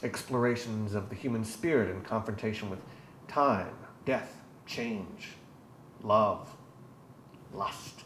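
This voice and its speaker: A man's voice: on the low side, takes it slowly, a bit bright. A man presenting a scripted educational explanation, with a dry, tongue-in-cheek delivery. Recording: roomy echo with faint background noise.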